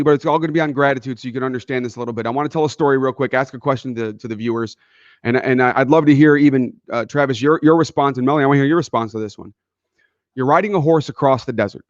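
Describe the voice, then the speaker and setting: A man's voice: mid-range voice, no echo, dull audio. A man co-hosting a casual motivational talk show, telling earnest stories and acting out the people in them. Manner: earnest, storytelling, acts out quoted people. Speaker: podcast co-host.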